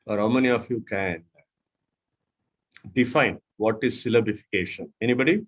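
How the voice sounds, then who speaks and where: A man's voice: on the low side, normal speed, husky. A man from India mentoring a club audience on syllable stress, who spells out letters, repeats words and asks the room questions. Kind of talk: instructional talk.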